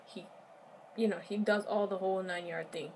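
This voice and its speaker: A young woman vlogger telling a story in a casual, animated way, talking straight to her viewers. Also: medium pitch, moderate pace, slight background noise. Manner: animated, chatty, addresses viewers directly.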